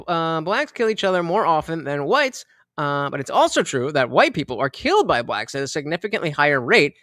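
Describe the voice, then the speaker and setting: A man's voice: on the high side, a bit bright, dry recording, clean studio sound. A man casually commenting on clips during a live stream, rambling with lots of fillers and restarts.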